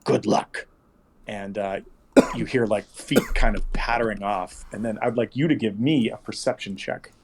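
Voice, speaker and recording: A man's voice: fairly low pitch, moderate pace, a little hiss or hum. A man narrating as game master of a tabletop game, rambling and correcting himself with many fillers.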